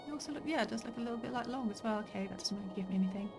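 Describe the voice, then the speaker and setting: A woman with a fairly high, rapid-fire voice streams a story game, thinking out loud and chatting casually as she plays. It's let's-play commentary with faint game music underneath.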